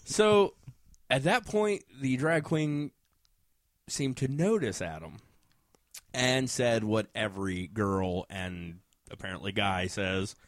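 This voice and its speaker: A man recounts a night out in a loose, casual way. He laughs often and acts out the other people in the story, and his pitch swings widely. The sound is dry and close. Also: animated, takes it slowly, no room sound. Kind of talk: casual anecdote telling.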